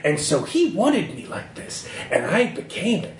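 A man's voice: fairly high pitch, wildly swooping pitch, measured pace. A man voicing a bitter, defiant woman in a tabletop horror game. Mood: scornful. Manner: scornful, ranting. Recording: roomy echo, faint background noise.

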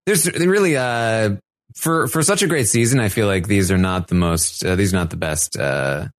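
Low-voiced man in casual podcast chat. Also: moderate pace, no echo, studio quality. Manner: relaxed, hesitant with many fillers. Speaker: podcast co-host.

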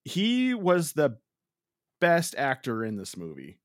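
A man at a middle pitch gives calm, measured opinions on a movie in a casual podcast chat. The sound is dry and close. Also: dry recording. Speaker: podcast co-host.

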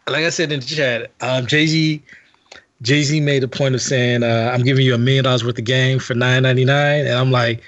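A man's voice: mid-range voice, fairly bright tone. A man in a casual podcast chat, recapping scenes and quoting them with laughter. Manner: storytelling, quotes scenes with laughter. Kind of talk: casual chat reviewing a TV episode.

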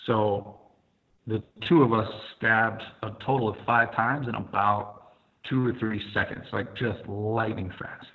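A man's voice: lowish voice, steady tone, a little slow. A firefighter guest telling his story vividly, step by step, with many fillers. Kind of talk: first-person storytelling. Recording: tinny phone-like line.

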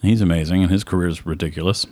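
Man, deep voice, casual movie chat, rambling, dry close sound. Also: fairly even intonation, fast talker, darkish tone, dry recording. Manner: rambling, self-correcting, enthusiastic. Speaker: podcast co-host.

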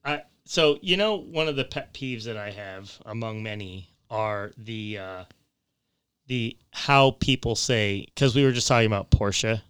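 A man's voice: fairly low pitch, lively intonation, measured pace, fairly bright tone, smooth, no room sound. A man hosting a casual chat show, rambling and amused. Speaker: host.

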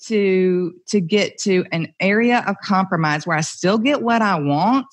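A woman's voice: medium pitch, measured pace. A woman guesting on a podcast, speaking about her marriage in a reflective, earnest way, thinking aloud as she goes. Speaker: podcast guest, entrepreneur's wife. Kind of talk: conversational interview.

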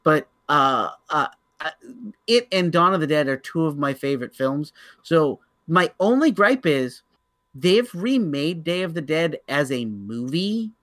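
Male podcast co-host, bright slightly high voice, chatty and opinionated, dry mic. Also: expressive, measured pace, dry recording. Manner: opinionated, stammers on restarts, laughs while telling stories. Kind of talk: casual chat.

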